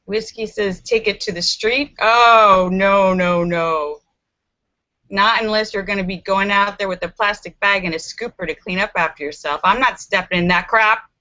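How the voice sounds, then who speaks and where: A woman hosting a casual live stream from a room at home, animated and giggly as she reads viewer comments. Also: mid-range voice, moderate pace. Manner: chatty and animated, giggles often. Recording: slightly muffled lo-fi.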